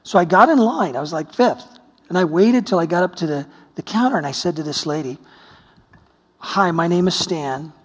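Man, preacher, sermon, husky voice, long hall reverb. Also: fairly high pitch, normal speed. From United States. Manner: storytelling, swings between hushed and exclaiming.

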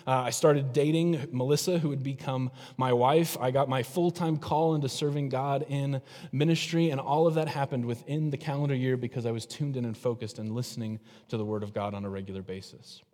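A man's voice: mid-range voice, steady tone, fairly quick, darkish tone. A middle-aged male pastor preaching a sermon in a conversational way, throwing rhetorical questions at the congregation. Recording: long hall reverb.

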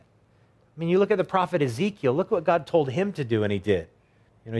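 A middle-aged man preaching a sermon in a relaxed, conversational way, acting out short quoted voices along the way. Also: a little high, a little fast, long pauses. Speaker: pastor.

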